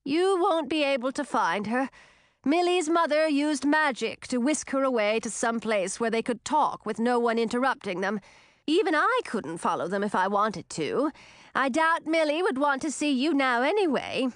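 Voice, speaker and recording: A woman voicing a blunt, gruff but kind old witch in a storybook reading. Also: sits high, animated, moderate pace, dry recording, studio quality, voice pushed up. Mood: lecturing. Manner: blunt, scolding.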